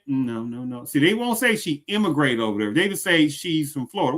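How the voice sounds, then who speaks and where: A man's voice: mid-range voice, animated, fast, few pauses, fairly bright tone. A man hosting a commentary show, reacting to a clip and asking his audience repeated rhetorical questions. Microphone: streaming setup.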